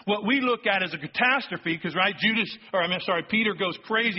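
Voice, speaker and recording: A man preaching a sermon, telling a story with lively acted-out quotes and sudden drops to a hushed voice for emphasis. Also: high voice, a little fast, dull audio. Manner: animated storytelling, acting out quotes, dropping to a hush for emphasis. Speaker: pastor.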